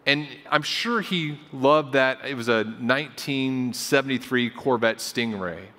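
A man's voice: mid-range voice, unhurried, pushed and bright. A male pastor preaching a sermon in a conversational storytelling way, often repeating phrases for emphasis, in a church sanctuary. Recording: long hall reverb.

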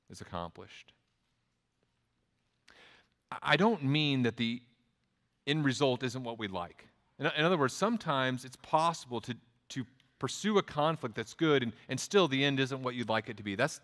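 Texan pastor preaching in a reverberant hall. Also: male voice, medium pitch, expressive, moderate pace, fairly bright tone. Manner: conversational preaching with restarts and quoted asides. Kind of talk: sermon.

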